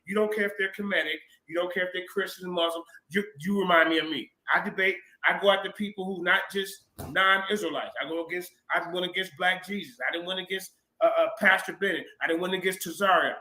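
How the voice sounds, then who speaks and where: A man arguing heatedly as a guest in an online debate, loud and cutting in, repeating himself. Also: high voice, fairly even intonation, quick pace, few pauses, roomy sound.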